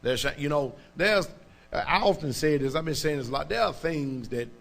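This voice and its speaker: A man's voice: on the high side, lively intonation, normal speed, gravelly. A man, a pastor, preaching a sermon in an emphatic, colloquial way and checking in often with his congregation. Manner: colloquial, informal speech.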